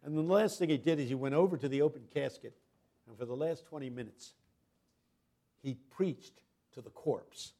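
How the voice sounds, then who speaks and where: Gravelly older preacher, storytelling. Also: male voice, a little high, moderate pace. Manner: storytelling preacher who builds to loud impassioned crescendos. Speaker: guest preacher. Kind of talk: sermon.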